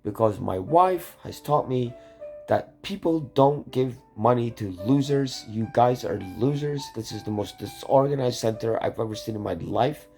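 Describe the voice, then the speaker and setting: An agitated man rants into the camera, swearing freely and doubling back mid-sentence. His voice sits at an ordinary male pitch. Faint music plays underneath. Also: lively intonation, moderate pace, creaky, mellow. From Canada. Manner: agitated, swearing, rambling with many restarts. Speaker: YouTube channel host. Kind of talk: angry rambling vlog rant.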